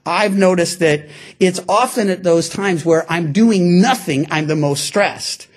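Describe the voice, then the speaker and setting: A man preaching a sermon to his congregation, animated and acting out the voices of people in the stories he tells. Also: sits high, unhurried. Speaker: pastor. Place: church before a congregation.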